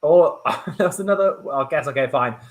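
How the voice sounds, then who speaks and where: A man's voice: on the high side, normal speed. A man improvising comedy, quizzing and prodding his scene partner with frequent laughter.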